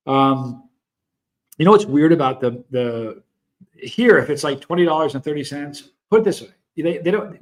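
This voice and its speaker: A middle-aged man hosting a hot sauce live stream, chatting casually with viewers and telling long, rambling stories full of asides. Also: mid-range voice. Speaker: hot sauce show host.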